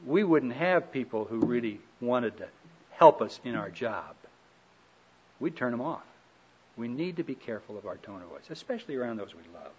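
Husky-voiced man, folksy and anecdotal. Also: medium pitch, sing-song, moderate pace. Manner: folksy, anecdotal, gently humorous. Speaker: speaker on marriage. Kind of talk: relaxed seminar talk. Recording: dull lo-fi recording.

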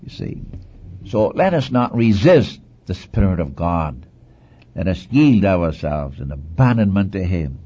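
A man's voice: deep voice, sing-song, a little slow, warm tone, breathy edge. A man preaching a sermon in an earnest, exhorting manner, repeating phrases for emphasis, on a dull lo-fi recording.

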